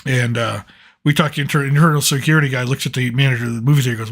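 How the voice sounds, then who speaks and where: A middle-aged man telling a story in a casual monologue, animated and agitated, with frequent restarts. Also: medium pitch, very fast. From United States. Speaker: channel host.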